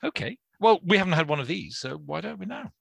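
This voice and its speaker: A man's voice: fairly high pitch, sing-song, fast talker, vocal fry. A man presenting a radio show, chatting casually with dry, self-deprecating humour in a studio.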